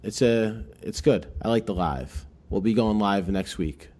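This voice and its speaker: A man's voice: on the low side, a little slow, darkish tone. A man co-hosting a podcast, a stand-up comic chatting casually, joking and swearing freely. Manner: loose, jokey, swears freely. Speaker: podcast co-host and comedian. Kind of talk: casual chat.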